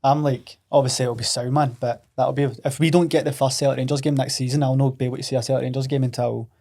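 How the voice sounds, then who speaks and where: A Scottish man in casual conversation, rattling off stories at a very quick clip. He talks in an animated way, swears freely and often breaks into laughs. His pitch sits in a plain middle range. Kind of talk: casual chat.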